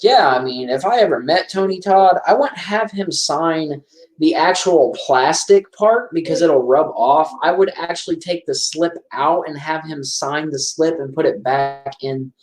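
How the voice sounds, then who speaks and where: A man's voice: a little high, unhurried. Chatty man in an echoey room. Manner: chatty, excitable, rambling with restarts. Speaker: movie commentator. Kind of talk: casual movie commentary.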